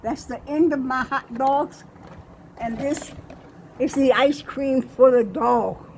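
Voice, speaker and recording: Her voice high and slightly mellow, an older woman talks slowly into her phone while touring her small kitchen, breathless and insisting "okay" again and again. Poor audio carries a faint room hum.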